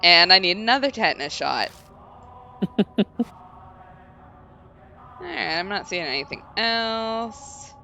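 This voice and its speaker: A woman's voice: medium pitch, expressive, slow pace, gravelly, long pauses, pushed and bright, a little hiss or hum. A woman hosting a let's play, chatting casually and reading the game's text aloud in a storytelling tone, with frequent giggles.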